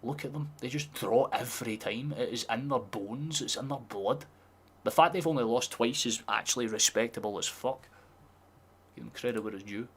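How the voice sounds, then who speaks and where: A man's voice: medium pitch, moderate pace, a bit bright, husky. A man streaming a live football watchalong, chatting casually and swearing freely as he reacts to the match.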